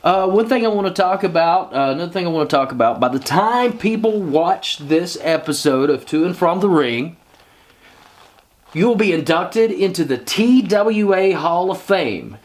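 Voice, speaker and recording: A man with a slightly high voice hosts a relaxed interview show. He talks eagerly, repeats phrases and gets choked up with feeling. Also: moderate pace. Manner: enthusiastic, repeats himself, emotional. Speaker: host. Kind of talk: casual interview chat.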